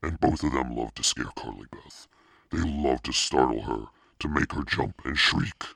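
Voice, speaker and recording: A man reading a children's story aloud in a steady, expressive narration. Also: very deep voice, normal speed, vocal fry, slightly rough, no room sound. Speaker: audiobook reader.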